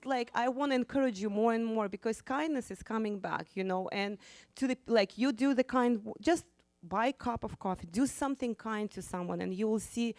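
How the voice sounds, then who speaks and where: Woman, church testimony, non-native English, bright laughing storyteller, dry close sound. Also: a little high, brisk, no room sound. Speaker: women's ministry speaker. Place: church meeting room.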